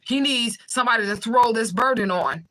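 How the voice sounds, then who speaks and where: A young woman hosting a livestream, talking fast and bluntly with swearing while she reads out viewer comments. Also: fairly high pitch, pushed and bright, slight background noise, low-quality recording. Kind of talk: fast casual livestream talk.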